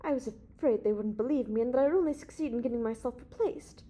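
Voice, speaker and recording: An anxious, defensive older scientist, as a woman reads him, hesitant and strained. Her reading voice stays warm and mellow in the audiobook. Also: on the high side, quick pace, voice pushed up, close to an everyday voice. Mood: confiding. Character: older male observatory director, anxious, defensive.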